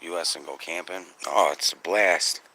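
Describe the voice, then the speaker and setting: Outdoors under the night sky, a man streams live through his phone, his deep voice at normal speed. He curses frequently and gets excited as he chats with the people watching.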